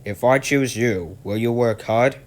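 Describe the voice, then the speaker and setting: A man's voice: medium pitch, measured pace, close to an everyday voice. A man voicing a stern, portly male railway boss who speaks in a formal, clipped, commanding way.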